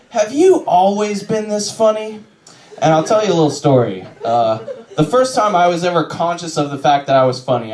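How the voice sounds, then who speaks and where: Guy doing stand-up at a little club, kinda high voice, deadpan, room echo all over it. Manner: deadpan delivery, acts out characters in quick bits. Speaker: stand-up comedian. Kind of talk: stand-up comedy set. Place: small comedy club stage. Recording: roomy club sound. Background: audience laughter.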